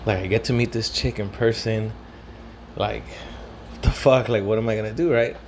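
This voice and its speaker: A man's voice: fairly low pitch, fairly even intonation, normal speed, darkish tone, slight background noise. A young man from Southern California casually telling a story, rambling and swearing, slipping Spanish slang into his English.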